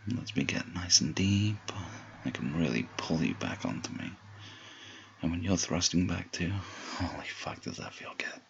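Man, deep and husky, whispered role-play, slow and dominant, teasing tone, muffled lo-fi take. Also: expressive, a little hiss or hum. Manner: slow, low murmured delivery.

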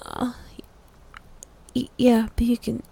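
A woman's voice: a little high, huge pitch swings, slow pace, gravelly, mellow, slightly rough, full character voice. A woman voicing a flustered, frustrated young woman in an audio role-play, stammering and swearing with many fillers.

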